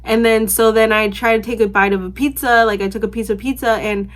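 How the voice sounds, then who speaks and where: A woman's voice: a little high, fairly even intonation, a little fast. A young adult woman telling a story to her vlog camera in a casual, rambling way, full of "like" and restarts, swearing offhandedly. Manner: rambling, filler-heavy, lots of "like" and restarts. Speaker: vlogger.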